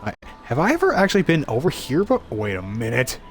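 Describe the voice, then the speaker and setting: A man streaming a video game live, talking to his chat in an excitable way and swearing often. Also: mid-range voice, brisk, faint music behind. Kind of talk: live-streamed gameplay commentary.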